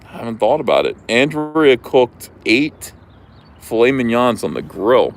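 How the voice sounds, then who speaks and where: Lively rambling New Jersey man. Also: medium pitch, a little slow. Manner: rambling, animated storytelling. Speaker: livestream host. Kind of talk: casual chat.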